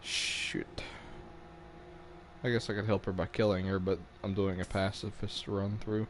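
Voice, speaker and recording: A man's voice: fairly low pitch, flat delivery, measured pace. A young man plays through a game for a live stream and talks the whole time. He jokes with viewers and reads bits of game text aloud, with faint background noise under his voice. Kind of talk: casual gameplay commentary.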